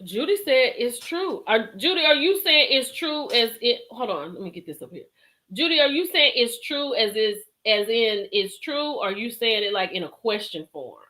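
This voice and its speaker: A woman's voice: a little high, moderate pace. A woman hosting a live stream show, chatting with viewers, laughing and reading their comments. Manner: animated, laughs often, chatty Southern-style slang.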